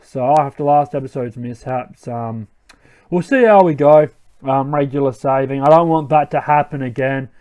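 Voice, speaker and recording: A man's voice: medium pitch, normal speed, a little mellow, clear, resonant tone. A man hosting a let's play, giving casual gameplay commentary and thinking aloud with rambling self-corrections.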